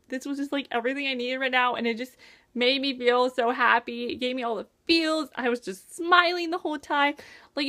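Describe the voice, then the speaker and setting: A woman's voice: high-pitched, pushed and bright. Bubbly young woman gushing over a book. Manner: bubbly and gushing, lots of "like" and "oh my gosh". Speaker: book reviewer. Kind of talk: casual book review vlog.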